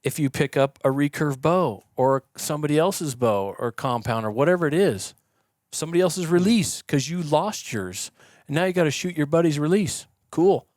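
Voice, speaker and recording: A man guesting on a podcast, explaining in a casual, animated way and acting out the yelling of the people he quotes. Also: on the high side, moderate pace, dry recording, studio quality. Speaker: podcast guest, shooting instructor. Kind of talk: conversational explaining. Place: podcast studio.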